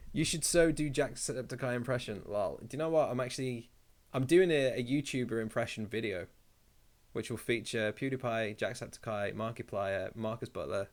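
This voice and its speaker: A man's voice: medium pitch, normal speed. A young man hosting a casual live stream. He reads viewer comments aloud and rambles through his replies with jokey asides.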